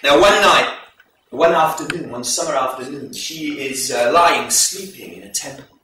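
A man presenting a folk performance, retelling the tale to a live audience in a measured, explanatory way. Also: a little high, animated, pushed and bright, slight background noise. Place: live event hall. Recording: echoey hall recorded from far off.

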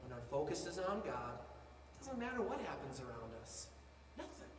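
A man preaching a sermon as pastor, animated, swinging between quiet asides and loud bursts. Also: on the high side, moderate pace, noisy background. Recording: echoey hall from far off, faint ambience.

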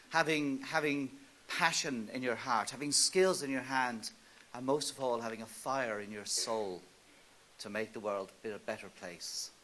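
A middle-aged man from Ireland giving a conference keynote, lively and joking as he talks directly to the audience. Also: medium pitch. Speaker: keynote speaker. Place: conference hall.

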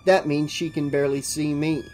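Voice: mid-range voice, level tone, normal speed, darkish tone, faint music behind, close to an everyday voice. A narrator voicing a vain, scheming teenage boy who talks in a smug, purring way. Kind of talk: audiobook dialogue.

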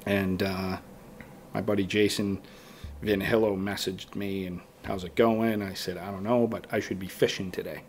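A low, gravelly man's voice, rambling through a long story in a casual podcast chat. He keeps slipping into quoting his own past thoughts. A faint hiss sits under the recording. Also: little pitch movement, moderate pace. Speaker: guest bowhunter.

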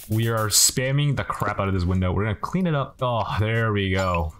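A man's voice: on the low side, lively intonation, fairly quick, few pauses, faint music behind. A young man giving joking, casual commentary while playing a game, chatting to the characters on screen. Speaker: gaming commentator. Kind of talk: casual let's-play commentary.

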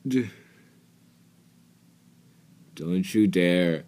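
A man's voice: mid-range voice, animated, takes it slowly, a little mellow. A man doing casual reaction commentary. He rambles, makes mocking, exasperated asides and keeps breaking into giggles. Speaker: reaction video host.

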